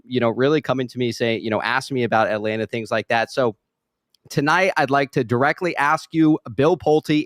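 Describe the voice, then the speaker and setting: A man in casual live-stream chat, speaking haltingly with many fillers. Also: medium pitch, no echo, studio quality. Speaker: co-host.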